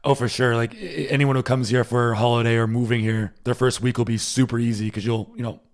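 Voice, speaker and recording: American podcast guest, talks fast, gravelly voice. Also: male voice, medium pitch, little pitch movement. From United States. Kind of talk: casual podcast chat.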